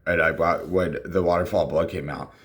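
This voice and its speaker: A man's voice: sits low, fairly even intonation, moderate pace, a bit bright. A man casually telling a personal story, rambling with fillers and acting out what people said.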